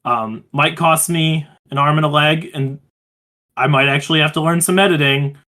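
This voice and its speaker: Eager man hyping things up, slightly high voice. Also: moderate pace, sharp tone. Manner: enthusiastic, hype-driven, filler-heavy. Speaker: podcast co-host. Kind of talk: casual chat. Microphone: voice chat call.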